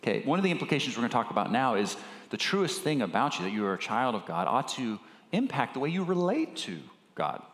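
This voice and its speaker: A man's voice: medium pitch, very animated, fast, a bit bright. A middle-aged male pastor preaching a sermon in a conversational way, with fillers and restarts. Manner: gets emotional speaking of his children. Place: church sanctuary. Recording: echoey church hall with long reverb.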